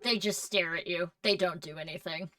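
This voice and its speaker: A woman running a tabletop role-play as game master, narrating scenes in a measured, descriptive way. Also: fairly low pitch, fairly even intonation, a bit bright, no room sound, far from the mic.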